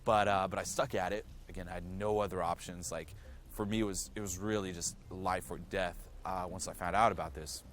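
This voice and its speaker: A man's voice: sits low, fairly even intonation, brisk, a bit bright, slight background noise. A man telling his own story straight to the viewer, frank and earnest, swearing freely and leaning on "you know" fillers. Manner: earnest, direct address to viewer. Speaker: self-improvement vlogger. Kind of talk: candid personal storytelling to camera.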